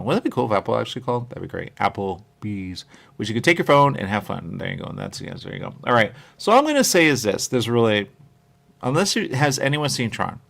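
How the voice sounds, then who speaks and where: Hosting a live radio show, this man rambles loosely in a gravelly, somewhat bright voice on the lower side. He reads the chat comments out loud and often repeats himself, saying "there you go" again and again.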